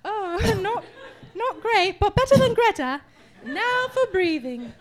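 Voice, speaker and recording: Woman acting a pompous singing teacher, comedy sketch, very high voice, wildly animated pitch, theatrical, scolding. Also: takes it slowly, very noisy, full character voice. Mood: haughtily scolding. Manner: grandiose, theatrical, scolding, full of odd comparisons.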